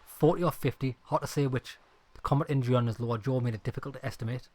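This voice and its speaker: A man voicing a calm, poised middle-aged woman negotiator in a video game, with a measured, formal delivery. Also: medium pitch, lightly acted. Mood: composed.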